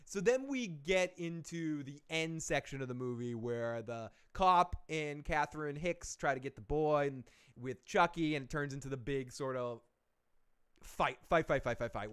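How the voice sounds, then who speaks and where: On a live-stream movie review, a man recaps a film's plot in a rambling, animated way, correcting himself often, swearing, and laughing at his own jokes. His voice sits a little high, smooth, at normal speed.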